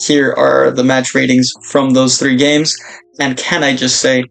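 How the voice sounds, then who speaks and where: A young man commentating his own football video game career, breaking into excited shouts at big moments. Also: medium pitch, measured pace, gravelly, soft background music. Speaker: gaming YouTuber.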